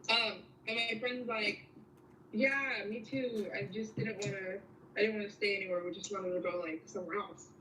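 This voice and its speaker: Young woman, bright voice, casual rambling story, slangy, echoey room, off-mic. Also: mid-range voice, steady tone, normal speed, recorded from a distance, slight background noise. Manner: rambling, slangy, full of fillers and laughs. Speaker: guest telling a story.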